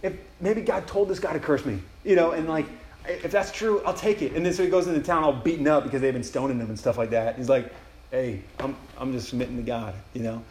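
Young male campus preacher, quick and casual, echoey room with faint background hum. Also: medium pitch, darkish tone. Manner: casual, enthusiastic, talks in quoted inner prayers. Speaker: campus ministry speaker. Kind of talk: retreat sermon.

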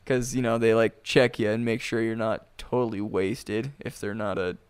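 A man's voice: on the low side, level tone, normal speed, clear, resonant tone. A man in his thirties telling a rowdy story in a casual chat among friends. He laughs often and acts out the people he quotes. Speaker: podcast co-host telling a story.

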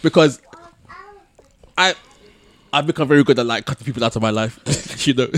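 A man telling a long personal story on a podcast, full of restarts and soft laughs. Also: mid-range voice, normal speed, no room sound. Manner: rambling, many restarts, laughs between phrases. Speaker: podcast co-host. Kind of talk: casual storytelling chat.

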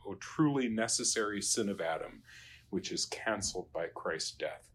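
A man working through Latin translation exercises as a teacher, halting and trailing off quietly. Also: fairly low pitch, breathy edge. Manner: halting, many fillers and restarts, trails off quietly.

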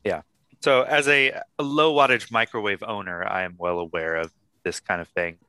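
A man's voice: on the low side, steady tone, normal speed, bright, forceful tone, smooth, no room sound. A man hosting a casual podcast chat, rambling and swearing freely as he talks. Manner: chatty, profane, rambling asides. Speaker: podcast host.

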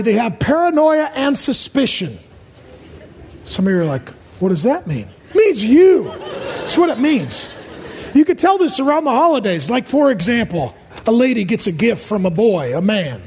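In a reverberant, large church auditorium, a man preaches a comedic sermon, rattling off quick jokes and short, punchy lists. His extremely high, a little mellow voice swings widely in pitch over slight background noise.

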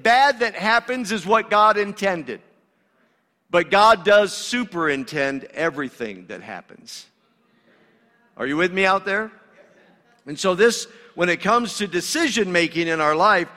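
A man's voice: sits high, expressive, unhurried, pushed and bright. A male pastor delivering a sermon in a conversational, emphatic way, in a church sanctuary. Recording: long reverb of a large hall.

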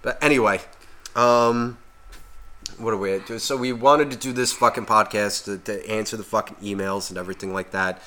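Ranting, foul-mouthed man with a bright voice. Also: medium pitch. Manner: swears constantly, rants, works himself up. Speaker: podcast co-host. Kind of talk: profane casual chat.

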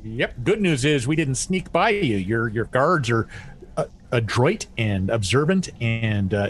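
A man's voice: medium pitch, a little hiss or hum. Playful young man at the game table. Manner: playful, wordy in character. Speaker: player.

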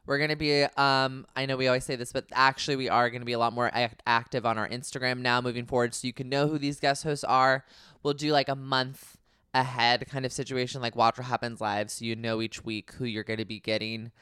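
A man hosting a podcast in casual chat, excitable and jokey. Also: mid-range voice, fairly quick, clear, resonant tone, no echo, studio quality. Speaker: podcast host.

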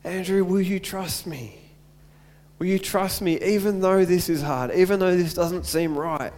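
A preacher doing a gentle, patient God voice, soft and reassuring, fairly high for a man, long church reverb. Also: steady tone, measured pace.

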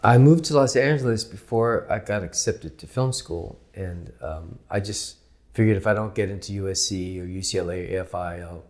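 Man, lowish voice, casual recollection, relaxed, hesitant ums. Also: normal speed. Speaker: film industry worker recalling his start.

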